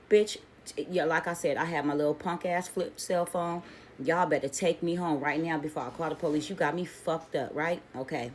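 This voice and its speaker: A middle-aged woman casually telling a story on her channel, animated and profane, full of slang and acting out other people's lines. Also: sits low, a little hiss or hum. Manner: animated, profane, slangy, acts out quoted voices.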